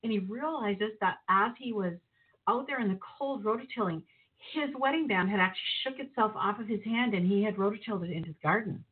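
A woman telling a lively personal story with laughter, acting out voices as she goes. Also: mid-range voice, fairly quick, husky. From northern Minnesota. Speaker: guest. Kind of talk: animated storytelling. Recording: phone-like narrow sound.

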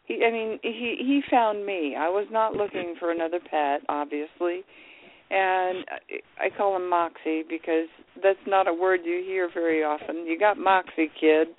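A caller on a radio show who speaks in a hesitant, halting way and repeats words. The voice sits at a middle pitch. It comes through a thin, phone-like line. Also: fairly even intonation. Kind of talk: casual phone chat.

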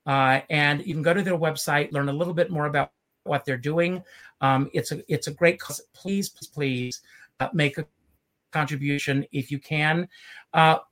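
Southern male host, halting and full of fillers, chatting over a video call. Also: fairly high pitch, a bit bright. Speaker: show host. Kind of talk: casual chat.

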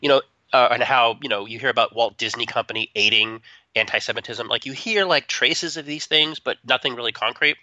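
A man co-hosting a tech podcast, chatting in an animated, joking way with quick asides. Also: mid-range voice, no room sound. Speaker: podcast co-host. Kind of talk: casual opinionated chat. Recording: dull dry close-mic sound.

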